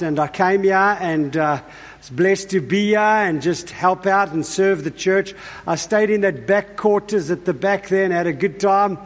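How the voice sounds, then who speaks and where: A guest preacher, a man whose accent mixes South African and Australian. His voice sits fairly high, and he talks in a relaxed, joking way, full of fillers and restarts. The sound carries the long reverb of a church hall. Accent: mixed South African and Australian. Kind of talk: sermon with casual asides. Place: church sanctuary.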